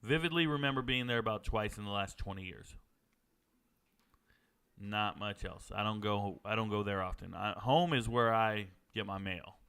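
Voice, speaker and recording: A man from Georgia hosting a live sports watch party, chatting and joking with viewers and reacting loudly to plays. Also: fairly low pitch, normal speed, vocal fry, clean tone. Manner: joking banter with chat, excited outbursts. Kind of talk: casual live-stream commentary.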